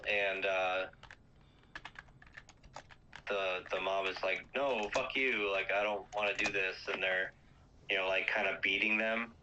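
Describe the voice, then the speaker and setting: A man's voice: deep voice, monotone, measured pace, long pauses, sharp tone, lo-fi sound, a little hiss or hum. A man casually retelling a movie's plot, rambling with lots of fillers and acting out quoted lines.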